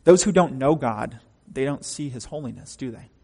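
A man's voice: mid-range voice, lively intonation, normal speed, gravelly, a little mellow, breathy edge, in a large hall. A man preaching a sermon from the pulpit, emphatic and often asking the congregation questions. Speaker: pastor.

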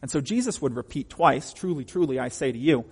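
A man's voice: medium pitch, lively intonation, a little fast, slightly rough, big-room sound. A man preaching a sermon from the pulpit, emphatic and often asking the congregation questions. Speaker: pastor.

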